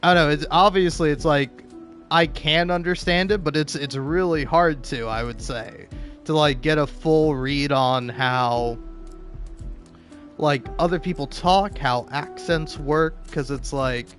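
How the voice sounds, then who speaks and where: A man's voice: a little high, a little slow, fairly bright tone, faint music behind. An American man from Florida with a general American accent, giving casual reaction commentary as a streamer and thinking aloud as he goes. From United States, born in Florida.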